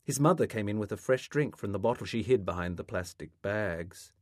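Male author reading his own fiction: low voice, lively pitch, dry close-miked sound. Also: fairly quick, no room sound. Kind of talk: reading a literary novel aloud.

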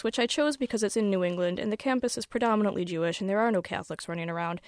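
A woman author reading her own story aloud in a wry, deadpan first-person voice. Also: medium pitch, dry recording, studio quality.

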